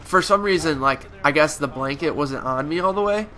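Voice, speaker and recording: A man's voice: a little high, moderate pace, sharp tone. A young man with a nasal, stuffed-up voice, rambling casually through a story over gameplay with lots of fillers. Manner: rambling, many fillers and restarts. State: stuffy with a cold. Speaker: gaming YouTuber.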